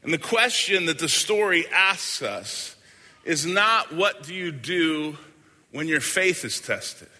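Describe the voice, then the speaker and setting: A man preaching a sermon as a pastor, earnest and deliberate, often letting his lines fade softly at the end. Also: fairly high pitch, expressive. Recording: hall with long reverb.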